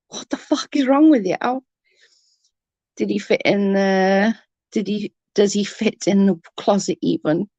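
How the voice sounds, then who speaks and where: A woman's voice: mid-range voice, takes it slowly, pauses often, mellow, no echo, highs cut off. A woman, ranting bluntly and mockingly as an online commentator, full of profanity. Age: 30s. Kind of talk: ranting live-stream chat.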